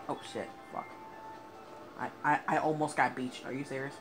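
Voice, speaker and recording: This man's voice is on the high side and fairly bright; he speaks a little slowly with long pauses, and soft music plays in the background. Doing let's play commentary, the gamer often gets frustrated and swears at the game, and the recording is noisy with police sirens and game sounds.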